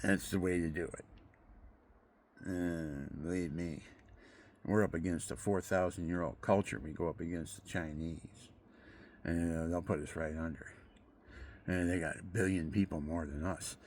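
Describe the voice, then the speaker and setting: An older man delivering a rambling, preachy monologue. He swings between hushed murmurs and loud outbursts. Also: low-pitched, steady tone, moderate pace, pauses often, slight background noise. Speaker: amateur guitarist and video maker.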